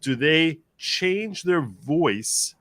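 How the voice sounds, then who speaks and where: Drawing out his words in a slightly high voice, this livestream host leads a panel with no echo in the sound. He's animated in the casual chat, reading out comments from viewers, mimicking voices and laughing a lot.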